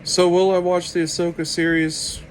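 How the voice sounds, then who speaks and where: A man delivering an opinionated commentary rant to his viewers, sarcastic and deliberate. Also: high-pitched, flat delivery, a little hiss or hum, low-quality recording. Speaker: video commentator.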